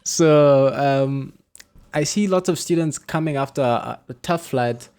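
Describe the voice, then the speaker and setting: Animated man telling stories casually. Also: mid-range voice, unhurried, clear, resonant tone. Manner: animated storyteller, acts out quotes, laughs often. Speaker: podcast host and flight instructor. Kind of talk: casual podcast chat.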